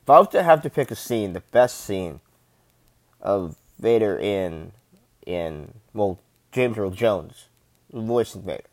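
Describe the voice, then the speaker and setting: A man's voice: on the low side, expressive, slow pace, no room sound. Rambling, gushing male fan. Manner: rambling, gushing, swears freely. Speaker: fan commentator. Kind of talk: casual enthusiastic commentary.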